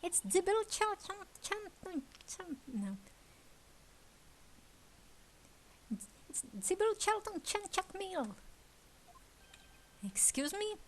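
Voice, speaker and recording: A boastful, childish young tower guard, put on by a woman, blusters in a high, bouncing voice. He is prickly and quick to take offence when his long name is mangled. A game character read aloud. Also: big pitch swings, a little hiss or hum, exaggerated voice. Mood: indignant.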